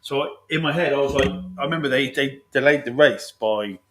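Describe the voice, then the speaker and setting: A man's voice: mid-range voice, fairly bright tone, slight background noise. A man hosting a casual podcast chat, rambling and swearing freely, calling his guest "mate". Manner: rapid, rambling, heavy swearing, lots of "mate". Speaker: podcast host.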